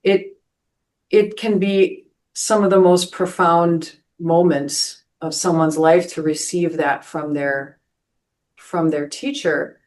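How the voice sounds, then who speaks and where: A woman pastor who hosts a podcast and tells stories in an earnest, searching way. She often restarts her sentences and asks "right?" to check in with listeners. Her voice sits slightly low. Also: steady tone, takes it slowly, darkish tone. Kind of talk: spiritual podcast talk, storytelling.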